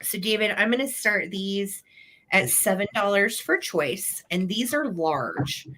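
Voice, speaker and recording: A woman's voice: medium pitch, animated, a little slow, pushed and bright. A woman co-hosting a live vintage sale, chatting enthusiastically as she describes each item. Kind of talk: live sale product chat.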